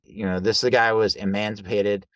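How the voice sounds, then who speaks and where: A man, a guest coach, telling stories in a loose, conversational way, acting out quoted dialogue with lively jumps in voice. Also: on the low side, moderate pace, no room sound. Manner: animated, acts out quoted dialogue; loose, conversational with fillers like right and like. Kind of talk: casual storytelling in an interview.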